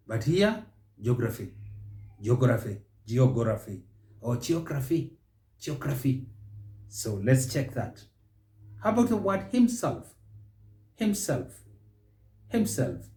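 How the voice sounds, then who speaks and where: A man's voice: on the high side, a little mellow. Man drilling pronunciation in an echoey room. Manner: slow, deliberate, repeats words for drilling. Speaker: pronunciation teacher. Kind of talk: instructional pronunciation lesson.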